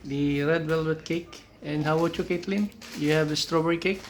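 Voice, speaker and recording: A man, a father chatting gently with his daughter and chuckling often as he films. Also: on the high side, steady tone, fairly quick, a little hiss or hum. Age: 50s. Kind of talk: casual family chat.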